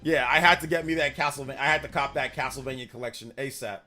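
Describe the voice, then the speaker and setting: A man's voice: mid-range voice, fast, sharp tone, soft background music. A man in his thirties chatting casually with his live-stream audience, rambling and slangy, repeating himself. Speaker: streamer reading chat.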